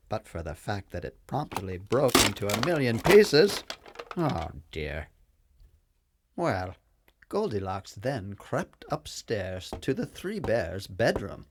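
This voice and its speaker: A man's voice: medium pitch, slight background noise. Sing-song man reading a children's story. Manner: expressive, sing-song, swooping storyteller delivery.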